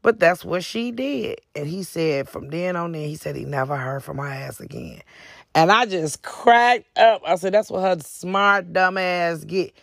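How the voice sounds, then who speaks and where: Gravelly, profane storyteller. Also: medium pitch, moderate pace, no room sound, studio quality. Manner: profane, animated, lots of acted quotes. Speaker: podcast host and author. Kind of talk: casual storytelling monologue.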